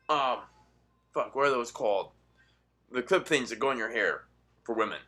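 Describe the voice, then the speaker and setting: A young man ranting in a profane, sarcastic monologue, swinging between loud outbursts and muttered asides. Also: medium pitch, sing-song, moderate pace, pauses often. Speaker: political commentary vlogger.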